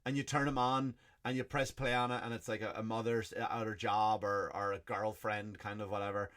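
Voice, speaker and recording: An Irish man hosting a comedy podcast, delivering a profane, animated rant in a stand-up style. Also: fairly low pitch, brisk. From Ireland.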